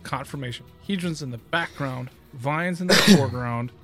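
A man guessing cards on a casual stream, talking in halting starts and cracking jokes. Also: on the high side, loud music behind the voice. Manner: halting, joking. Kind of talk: casual live-stream chat.

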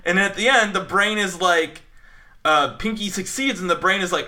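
A man co-hosting a casual podcast, talking with animated enthusiasm and lots of fillers. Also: high-pitched, moderate pace. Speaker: podcast co-host. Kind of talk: casual film podcast chat.

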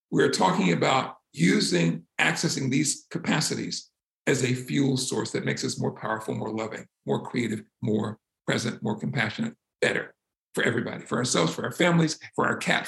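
A man teaching a spiritual practice and guiding listeners through yawns, stretches and breathing, earnest and slowing down to stress words. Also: fairly high pitch, creaky, a bit bright. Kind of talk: teaching talk and guided relaxation. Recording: roomy echo.

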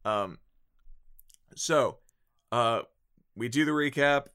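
A man's voice: medium pitch, slow, a bit bright. A man co-hosting a casual podcast, recapping a show in a rambling way with lots of fillers and restarts. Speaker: podcast co-host.

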